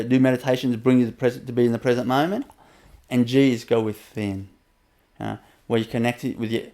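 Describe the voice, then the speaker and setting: Gentle man giving a spiritual talk. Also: mid-range voice. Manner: gentle, repetitive, with soft laughs and many fillers. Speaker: spiritual teacher. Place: webinar.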